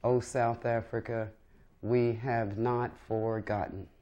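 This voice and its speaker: A woman poet reads her verse aloud at a live reading, slow and deliberate. Her voice sits low and deep. She delivers each line with solemn, impassioned weight. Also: level tone, lo-fi sound. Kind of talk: poetry reading.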